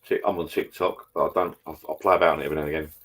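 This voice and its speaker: A middle-aged man in a loose, rambling live-stream chat, stopping now and then to read out viewer comments. His voice sits very low and comes across husky and a little rough. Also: steady tone, racing, a bit bright.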